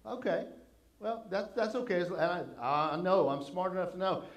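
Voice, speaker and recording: Older man, pastor, folksy sermon storytelling, slightly high pitch. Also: animated, moderate pace.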